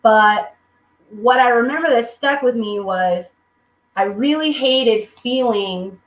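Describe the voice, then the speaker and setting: A woman's voice: on the high side, slow pace, reverberant, rough recording. A woman speaking candidly at a recovery meeting, telling her own story with humor and acting out the people in it. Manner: candid, humorous, quotes people in lively voices. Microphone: video call.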